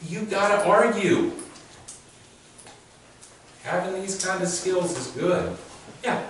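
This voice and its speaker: A man whose voice sits high speaks slowly, telling amused, chatty stories and laughing through them. He's a teen court coordinator addressing teens and parents, heard from a distance in an echoey room with faint background noise.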